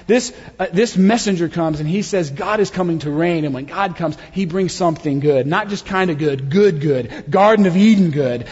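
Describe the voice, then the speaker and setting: Male pastor, high and husky, dramatic sermon delivery, dull recording in a reverberant church. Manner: animated, dramatic storytelling with sudden quiet drops. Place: church sanctuary. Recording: dull sound with long reverb of a large hall.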